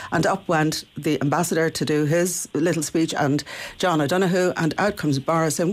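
A man from Ireland, a guest on a radio panel discussion, telling an animated story. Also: a little high, brisk.

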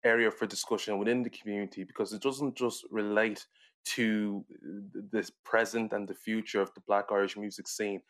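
A man hosting a podcast discussion, speaking in a measured, articulate way. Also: lowish voice, little pitch movement, a bit bright. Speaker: podcast host.

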